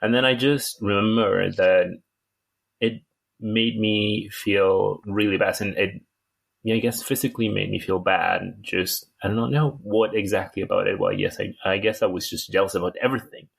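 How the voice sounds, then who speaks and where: A man with a low, gravelly voice thinks aloud in a casual film club chat. He pauses often and restarts his sentences as he works through his thoughts. The audio comes over a video call. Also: fairly even intonation. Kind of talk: casual group discussion.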